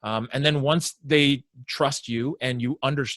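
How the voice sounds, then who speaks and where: Man explaining sales in a lively way. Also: medium pitch, a little slow, dry recording, clean studio sound. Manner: animated explainer, acts out prospects' inner voices. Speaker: sales consultant, podcast guest. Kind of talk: conversational interview.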